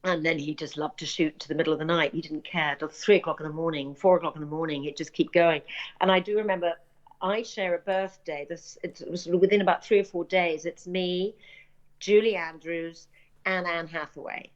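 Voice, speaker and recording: A middle-aged British woman, an actress, telling lively anecdotes in an interview and acting out the people she quotes. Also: on the low side, brisk. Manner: animated anecdotes, acts out quoted voices, laughs often. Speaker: actress and screenwriter, interview guest. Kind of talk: casual interview storytelling. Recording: dull lo-fi audio.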